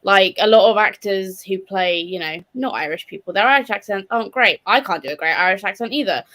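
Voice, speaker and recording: A woman's voice: mid-range voice, expressive, a little fast, a bit bright. A young woman chatting on a live stream, candid and playful and laughing at herself. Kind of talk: casual live-stream book chat.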